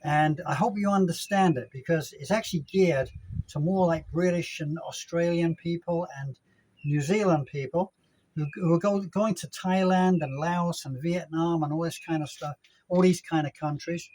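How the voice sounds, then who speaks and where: An older man talks casually into a handheld phone camera outdoors, wandering from thought to thought and correcting himself mid-sentence. His voice sits a little high for a man, and a faint outdoor ambience stays behind him throughout. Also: moderate pace, darkish tone, slight background noise, poor audio. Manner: rambling, chatty, self-correcting. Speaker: vlogger. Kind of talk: casual vlog chat. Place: outdoors at a gated apartment complex in Mexico.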